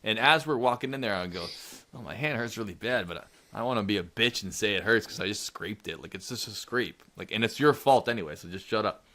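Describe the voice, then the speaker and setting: Speaking fast with lively intonation and a sharp tone, this fairly low-pitched young man in his twenties co-hosts a podcast. He spins a rambling, foul-mouthed story in casual conversation, performing the quoted lines.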